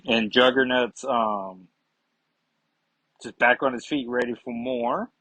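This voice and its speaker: A man's voice: medium pitch, fairly even intonation, takes it slowly, sharp tone, no echo. A man reviewing comics in casual chat, rambling and digressive with many fillers.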